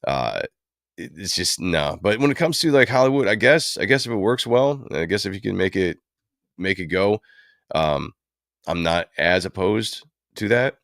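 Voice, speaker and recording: A man's voice: sits low, lively intonation, normal speed, a bit bright, dry recording, studio quality. A man hosting a livestream, talking casually and at length, rambling with many fillers. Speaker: livestream host. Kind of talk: casual commentary on comic book films.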